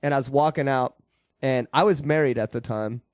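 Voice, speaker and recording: A man's voice: medium pitch, normal speed, dry recording, studio quality. A man hosting a podcast, telling profane stories in casual chat with frequent laughter. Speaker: podcast host.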